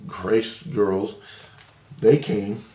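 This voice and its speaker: A man's voice: on the low side, steady tone, extremely slow, dark tone, echoey room. A man rambling through a personal story in a casual monologue, restarting and repeating himself. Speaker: vlogger.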